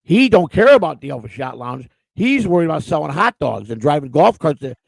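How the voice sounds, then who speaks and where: Gravelly, rambling man telling stories. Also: fairly high pitch, sing-song, fairly quick, no echo, low-quality recording. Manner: rambling storyteller, repeats words. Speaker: co-host. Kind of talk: casual livestream chat.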